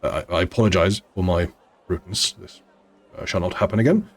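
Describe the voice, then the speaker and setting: A man's voice: low voice, fast talker. A man voicing a timid male horse who stammers out nervous apologies. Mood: cowed.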